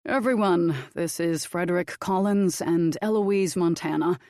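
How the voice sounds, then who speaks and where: A defeated male vampire who speaks reluctantly, as a woman voices him for an audiobook. His tone is subdued and low. The recording is dry and close. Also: unhurried, darkish tone, no echo.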